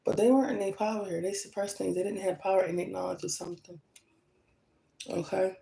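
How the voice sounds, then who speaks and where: A woman with a gravelly, fry-edged voice gives a tarot reading straight to her viewers. She is blunt and emphatic, keeps checking in with a quick "okay?", and her pitch sits in an ordinary middle range. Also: steady tone, warm tone, poor audio. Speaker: tarot reader.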